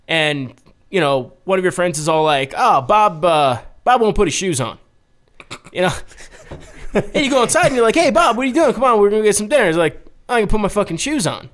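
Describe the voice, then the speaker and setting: A young man co-hosting a podcast, telling stories in casual banter, profane and animated, laughing often. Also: on the high side. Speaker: podcast co-host.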